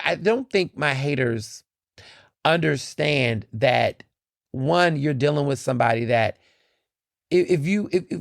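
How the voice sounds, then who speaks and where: A man hosting his own podcast, talking in a blunt, animated, often profane monologue with laughs. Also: mid-range voice, creaky, no room sound, studio quality. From United States. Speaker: podcast host. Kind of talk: casual opinion monologue.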